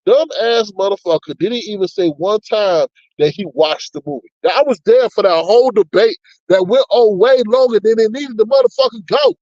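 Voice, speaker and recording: A man's voice: high-pitched, darkish tone, no echo, highs cut off. A man hosting a casual commentary stream, talking bluntly and profanely as he rants and reads chat comments aloud. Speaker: commentary channel host. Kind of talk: casual commentary on online drama.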